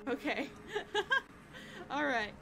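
A woman hosting a let's play, chatting to game creatures and breaking into excited shrieks. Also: high voice, drawn-out words. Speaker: gaming channel host. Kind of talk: let's play gaming commentary.

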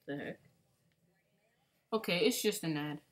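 A woman's voice: low voice, measured pace. A woman giving casual, rambling commentary while playing a game, humming and mumbling to herself and repeating words. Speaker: gaming channel host.

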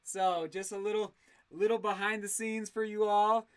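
Livestream host, male, effusive and excitable; smooth, resonant tone. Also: high voice, normal speed, no echo. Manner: excitable, effusive thanks, frequent restarts. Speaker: channel host reading live chat. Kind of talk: casual livestream chat.

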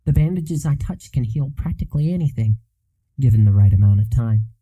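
A man voicing a caring woman school nurse and healer who chides gently and then reassures. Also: medium pitch, animated, a little fast, breathy edge, low-quality recording. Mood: reassuring.

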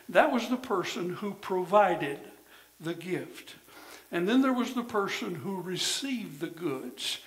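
Older male preacher, gravelly and high-pitched. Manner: emphatic preaching, rising to shouts then dropping low. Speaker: pastor. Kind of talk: sermon. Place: church. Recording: echoey church sanctuary.

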